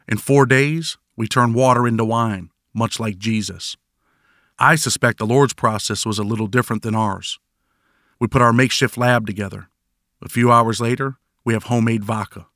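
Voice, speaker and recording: A man's voice: medium pitch, a bit bright, no echo. A man narrating his own prison memoir in first person, with dry, wry storytelling.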